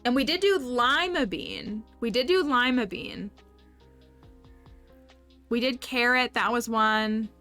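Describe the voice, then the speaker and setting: A woman's voice: on the high side, slow pace, long pauses, bright, forceful tone, soft background music. A woman livestreaming a game, chatting upbeat with her viewers and laughing often. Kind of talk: casual livestream chat with viewers.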